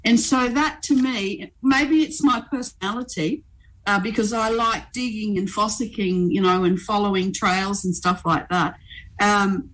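A woman, a guest pastor telling stories in a conversational faith interview, animated and chatty. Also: medium pitch, measured pace, low-quality recording. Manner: animated storyteller, frequent "um" and "you know".

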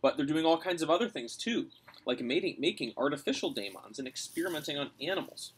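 A man's voice: a little high, expressive, fast talker, a little hiss or hum, natural voice. A man voicing a bold, cunning young girl. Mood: eager, persuasive. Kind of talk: read-aloud storybook voice.

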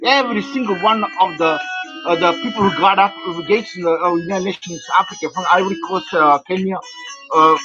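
A man's voice: sits high, brisk. A man in a rambling, repetitive rant monologue, stumbling over words and repeating himself. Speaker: vlogger. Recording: dull lo-fi audio over loud music.

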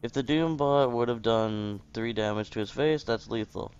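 A man's voice: mid-range voice, moderate pace, a little mellow, lo-fi sound. A young man streaming a card game, commenting to himself in a frustrated, swearing, muttering way. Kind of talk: live gameplay commentary. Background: game music.

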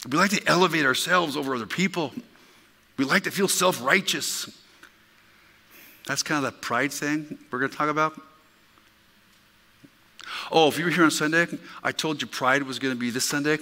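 Bright-voiced pastor preaching in a reverberant hall. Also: male voice, a little high, moderate pace, pauses often. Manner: emphatic, conversational preaching with asides to the congregation. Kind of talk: sermon. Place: church sanctuary.

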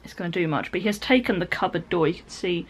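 A young British woman in her twenties chats to the camera from her living room, rambling and giggling as she goes. Her voice sits a little low for a woman, and her talk is casual and easygoing. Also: fast, a little hiss or hum. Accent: British English. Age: 20s. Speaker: vlogger. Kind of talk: casual home vlog chat. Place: home living room, indoors.

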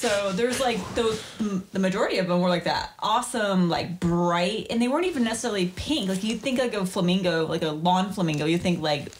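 A woman's voice: mid-range voice, a little fast, hardly any pauses. A woman co-hosting a podcast in casual chat, telling stories and laughing often. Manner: chatty, laughs often, storytelling. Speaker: podcast co-host.

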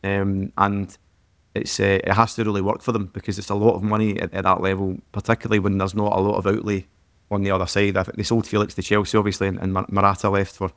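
Man, flat halting football talk. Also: deep voice, no room sound. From Scotland. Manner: halting, frequent "um" and repeated words. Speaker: podcast co-host. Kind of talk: casual football analysis chat.

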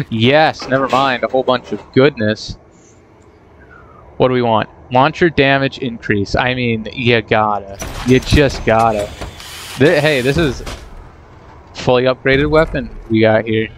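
A man's voice: mid-range voice, unhurried, slight background noise. A man casually commenting on his own gameplay, rambling and self-deprecating as he talks to himself. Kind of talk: casual let's play commentary.

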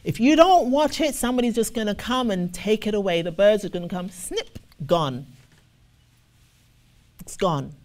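A woman giving sermon-style Bible teaching, reading scripture slowly with emphasis and acting out the voices of the people she describes. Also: mid-range voice, animated, darkish tone. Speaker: ministry officer teaching scripture.

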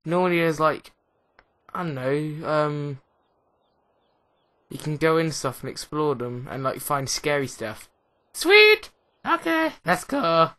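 A young English man talks his way through a video game at an unhurried, drawn-out pace. His voice is bright and ringing, and he rambles excitedly, poking fun at himself as he goes. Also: a little high. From England. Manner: rambling, excitable, self-mocking. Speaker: gaming commentator. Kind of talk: let's play commentary.

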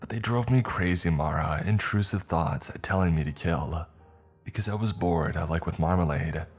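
A man's voice: low-pitched, normal speed, husky, soft background music. A man voicing a gleeful, cruel teenage girl who taunts in a sing-song, giggling way. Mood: taunting.

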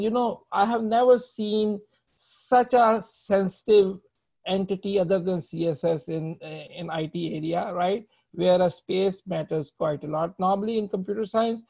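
A man's voice: high voice, creaky, dark tone. A man giving a live coding lecture, explaining patiently as he types and tagging many phrases with "right?". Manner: talks while typing code, ends phrases with "right?"; explains patiently and checks in with students. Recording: muffled lo-fi audio.

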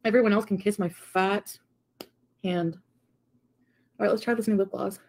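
A woman's voice: mid-range voice, fairly even intonation, moderate pace, pauses often, darkish tone. Brief: young woman, casual stream chat, sarcastic comment reader.

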